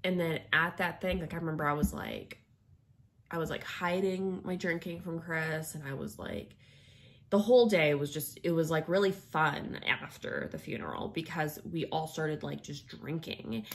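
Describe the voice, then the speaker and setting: A woman's voice: low voice, moderate pace, gravelly. A young woman telling a personal story in a rambling, casual way, full of filler words. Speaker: vlogger.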